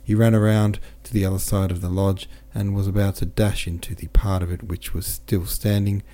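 A man narrating a classic novel as an audiobook in a steady, measured reading. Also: sits low.

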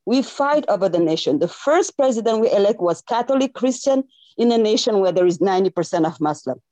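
A Senegalese woman with a French accent speaks as an earnest community organizer, repeating phrases to make her points and laughing between thanks. Her voice is medium-pitched, dark-toned and animated, a little fast, with no echo.

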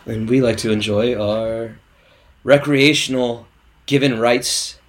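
A man's voice: medium pitch, unhurried. A man co-hosting a casual podcast from California, stuffed up from allergies, laid-back and swearing freely. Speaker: podcast co-host. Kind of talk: casual chat.

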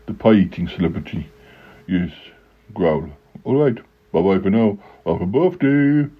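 A man voicing a self-important, pie-eating male creature who calls himself a celebrity and rambles with many halting pauses. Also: low voice, animated, lo-fi sound, noisy background. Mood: boastful.

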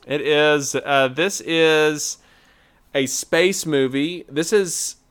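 A man's voice: fairly high pitch, extremely slow, fairly bright tone, clean tone. A man co-hosting a casual podcast, chatting about movie trailers in a laid-back way, with lots of fillers. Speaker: podcast co-host.

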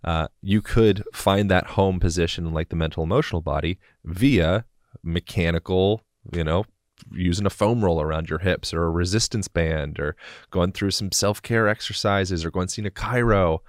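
A man's voice: low voice, moderate pace, dry recording, studio quality. A man, a bodywork practitioner, speaking in a casual, rambling podcast interview and swearing now and then.

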